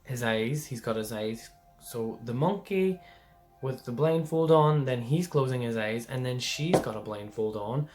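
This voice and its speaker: A man's voice: mid-range voice, measured pace, darkish tone, soft background music. A man giving a casual pick-a-card tarot reading, rambling and chatty, often checking in with the listener.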